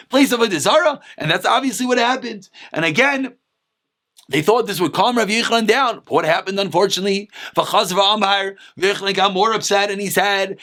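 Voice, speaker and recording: High-voiced man teaching Talmud excitably. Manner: reads Aramaic phrases then explains in casual English; excitable, voice jumps up when stressing points. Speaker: rabbi teaching daily Talmud class. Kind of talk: Talmud lesson, reading and translating.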